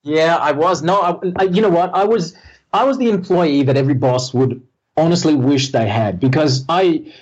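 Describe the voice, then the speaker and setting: A man's voice: fairly high pitch, moderate pace, a little mellow, breathy edge. A man, a guest in a casual interview, telling his story candidly with self-deprecating humor and many restarts. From Australia. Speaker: guest entrepreneur. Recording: slightly muffled lo-fi audio.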